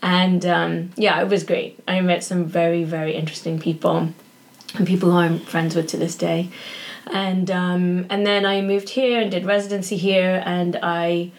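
A woman's voice: lowish voice, level tone, moderate pace. A woman, a pediatric doctor chatting as a guest and laughing easily. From northern England. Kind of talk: casual interview chat.

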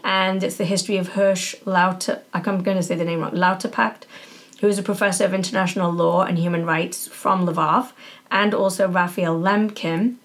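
A woman's voice: fairly low pitch, fairly even intonation, normal speed. A woman from Yorkshire, chatting as a podcast guest and filling her talk with "you know" and "um". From Yorkshire, England. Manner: chatty, many fillers and restarts. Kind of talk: casual interview chat.

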